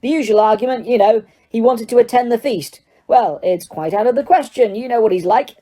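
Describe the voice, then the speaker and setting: A woman's voice: on the high side, brisk, warm tone, voice pushed up, lightly acted. A woman voicing a fussy, genteel male ghost who is chatty and a little pompous, in an audiobook reading. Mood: prim. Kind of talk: audiobook character voice.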